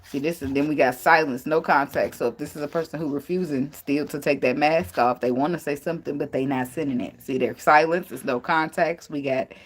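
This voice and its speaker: A woman's voice: sits low, fairly quick, husky. Frank, laughing woman giving tarot advice. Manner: frank and profane, laughing often, lively tangents. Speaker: tarot reader. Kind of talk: casual spiritual advice talk.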